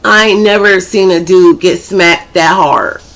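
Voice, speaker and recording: A woman's voice: lowish voice, fairly even intonation, unhurried, a bit bright. A woman vlogger casually telling a personal story, chatty and full of profanity. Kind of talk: storytime vlog.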